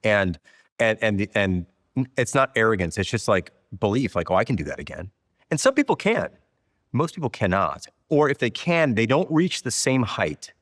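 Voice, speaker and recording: Middle-aged guy on a podcast, thoughtful and frank, lowish voice, dry mic but a long hall tail. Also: very animated, moderate pace, fairly bright tone. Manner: reflective, candid, affirming with short yeses. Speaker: guest, software company founder. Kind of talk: casual conversation.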